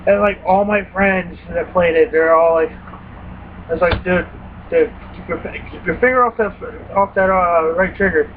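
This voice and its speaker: A man's voice: high-pitched, moderate pace. A young man casually and profanely retelling scary game moments, acting out his own reactions. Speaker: gaming vlogger. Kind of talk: casual rambling story. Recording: tinny phone-like recording with faint hiss.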